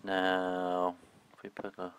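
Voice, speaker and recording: Male illustrator talking through a drawing lesson, relaxed and rambling, with gravelly fry. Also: low-pitched, slow, poor audio. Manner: casual and chatty, with frequent "um"s and loose phrasing. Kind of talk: spoken drawing tutorial.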